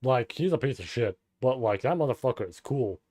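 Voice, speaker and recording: A man streaming a live read-through of a novel, reading passages and breaking off into casual, profane, excited reactions. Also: medium pitch, a little fast, dry recording.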